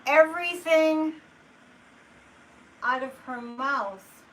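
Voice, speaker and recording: A woman's voice: high-pitched, drawn-out words. A woman hosting a casual live stream as a psychic, chatting in a loose, exasperated way and answering viewer comments as she goes. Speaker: psychic livestream host. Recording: distant mic with faint room noise.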